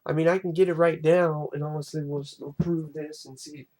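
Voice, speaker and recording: Animated ranting young man. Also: a little high, fairly quick. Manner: animated, exasperated, swears freely. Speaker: film reviewer. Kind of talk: casual ranting film commentary.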